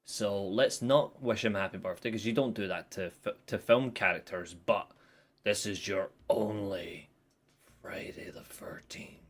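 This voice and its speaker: A man's voice: fairly low pitch, moderate pace. A man hosting a wrestling review livestream, chatting casually and jokingly with viewers, greeting them by name. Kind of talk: casual live chat to viewers.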